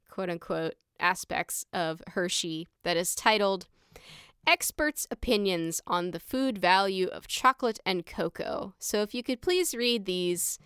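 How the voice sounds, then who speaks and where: A woman co-hosting a podcast in casual chat, wry and quick to laugh. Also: fairly low pitch, a bit bright, clear, resonant tone, no room sound, clean studio sound. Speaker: podcast co-host.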